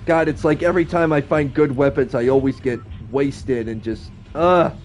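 A man's voice: mid-range voice, normal speed, darkish tone, slight background noise. A man giving casual let's-play commentary on his game from his home setup, chatty and self-deprecating, his voice sounding slightly stuffy. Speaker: gaming YouTuber. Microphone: streaming from a game console.

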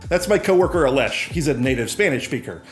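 A man narrates a scripted tech explainer in a breezy, upbeat tone, his voice sitting at an ordinary middle pitch. Soft music plays faintly underneath. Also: lively intonation, quick pace. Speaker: presenter demoing software.

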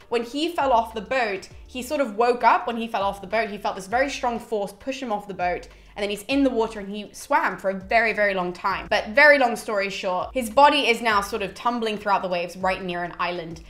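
A woman casually retelling a myth in a chatty, animated way with the odd swear word. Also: mid-range voice, brisk, few pauses. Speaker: mythology channel host.

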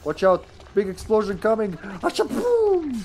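A man streaming a video game live, chatting casually and playfully, breaking into excited shouts. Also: medium pitch, normal speed, a little hiss or hum. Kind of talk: live gameplay commentary.

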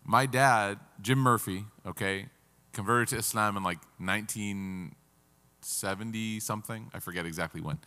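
A man's voice: lowish voice, normal speed, sharp tone. A man giving a casual, story-filled religious lecture, with humor and rising emphasis. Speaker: religious teacher. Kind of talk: conversational lecture. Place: lecture hall. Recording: reverberant hall.

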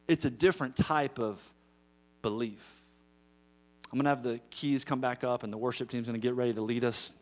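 A man preaching a sermon as pastor in a church, moving between storytelling and loud emphatic calls to the congregation. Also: medium pitch. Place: church sanctuary.

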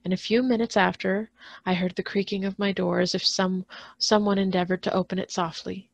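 Gravelly-voiced librarian reading aloud. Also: female voice, medium pitch, brisk. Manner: steady reading with occasional restarts on hard words. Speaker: school librarian.

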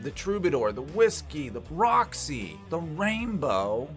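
A man's voice: mid-range voice, fairly bright tone. A man hosting a rock-history vlog in a casual, jokey, irreverent way, swearing freely as he talks. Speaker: channel host.

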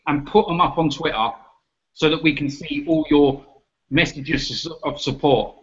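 A man's voice: on the high side, unhurried. A man in a heated football debate, mocking and ranting, with the odd swear. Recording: muffled lo-fi audio.

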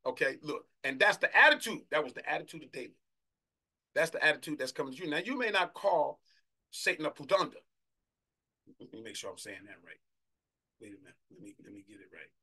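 Male preacher, sermon, fervent, bright tense voice, slightly high pitch. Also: big pitch swings, breathy edge. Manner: fervent, shouting bursts, drawn-out scripture reading. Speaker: apostle preaching.

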